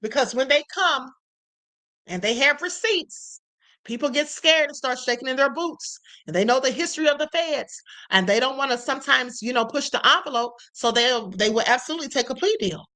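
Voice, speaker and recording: A woman's voice: high-pitched, animated, fairly quick, sharp tone. A middle-aged woman hosting a live stream, talking casually to her viewers, calling them y'all and tagging lines with "okay?". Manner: chatty, addresses viewers as y'all, frequent "okay?". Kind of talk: live-stream commentary reading chat.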